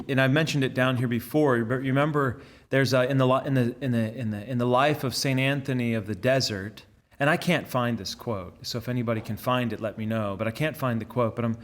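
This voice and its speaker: A man, a friar giving a conversational talk to laypeople, telling stories earnestly and often repeating words as he goes. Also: medium pitch. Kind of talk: conversational sermon.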